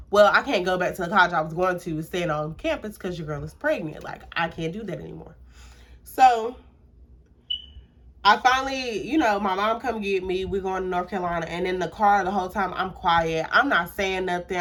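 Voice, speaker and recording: A woman's voice: medium pitch, normal speed. Young woman, casual storytime vlogger, chatty and filler-heavy, acts out the quotes. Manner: casual and animated, with frequent fillers and acted-out quotes. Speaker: YouTuber. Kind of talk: storytime vlog.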